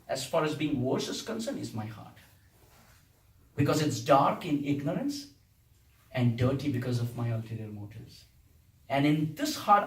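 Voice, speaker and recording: A man's voice: mid-range voice, sing-song, moderate pace, pauses often. A man giving a playful, humorous devotional class to a temple audience, laughing often and reciting verses. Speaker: preacher giving a Sunday class. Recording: echoey hall, distant mic, faint hiss.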